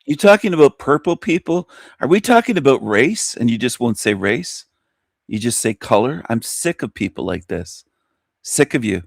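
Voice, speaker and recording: A man's voice: medium pitch, sing-song, normal speed, vocal fry, no echo, clean studio sound. A man hosting a reaction commentary, mocking and confronting the video he is watching. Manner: mocking, confrontational, talks back at the clip.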